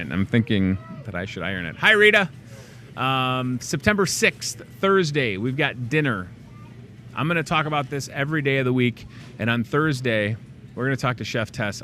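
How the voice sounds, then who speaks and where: A man with a mid-range voice hosts a local store show over slight background noise. He chats casually and jokes around while plugging events and deals, with joking asides and a lively promo delivery.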